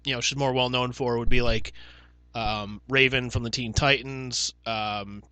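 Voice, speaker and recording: A man's voice: medium pitch, steady tone, unhurried, pushed and bright, clear, resonant tone, no echo. A young man co-hosting a podcast, telling stories in casual chat with lots of swearing and fillers. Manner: swears freely, chatty storytelling with fillers. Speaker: podcast co-host.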